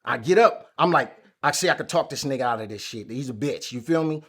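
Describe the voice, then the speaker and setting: A man as an interview guest, telling a story in casual chat, animated and full of street slang. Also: medium pitch, fairly quick. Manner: animated, acts out quoted lines loudly, heavy street slang.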